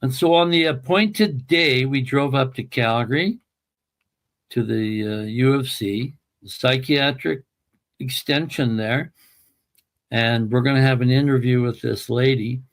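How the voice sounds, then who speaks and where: A man's voice: mid-range voice, unhurried. A man telling a personal family story as an interview guest, emphatic and emotional.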